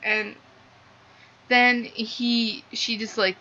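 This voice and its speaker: A woman's voice: mid-range voice, a little slow, pushed and bright. A young woman casually reviewing a book, rambling and gushing with lots of "like". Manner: gushing, rambling, heavy use of "like". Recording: slightly dull lo-fi sound with faint noise.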